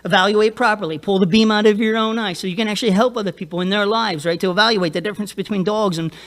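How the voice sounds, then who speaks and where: A man's voice: sits high, steady tone, fast talker, a bit bright. A middle-aged male pastor preaching a sermon in a conversational way, often checking in with the congregation. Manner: conversational, laughs often, frequent "right?" tag.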